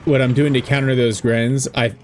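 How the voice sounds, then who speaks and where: A man casting a strategy game replay in a relaxed way, thinking aloud with fillers and joking about himself. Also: medium pitch, normal speed. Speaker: game caster. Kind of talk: casual esports commentary over a replay. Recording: game battle sounds with gunfire and artillery behind.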